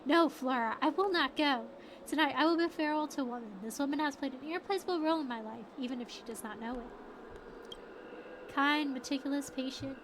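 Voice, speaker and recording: A woman's voice: sits high, fairly quick, background noise, lightly acted. A woman reading a remorseful young man's spirit. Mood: earnest. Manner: soft, earnest, formal, read aloud from the screen. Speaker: streamer reading game dialogue.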